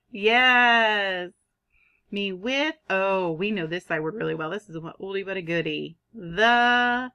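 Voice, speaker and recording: A woman teaching a kindergarten reading lesson, sounding out words in an animated, drawn-out way. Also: medium pitch. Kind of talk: online phonics lesson for young children.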